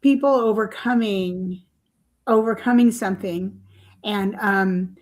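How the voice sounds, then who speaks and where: An older woman author tells her story as a podcast guest. She rambles along in a chatty way, full of fillers and soft laughs. Her voice sits at an ordinary middle pitch. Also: slow pace.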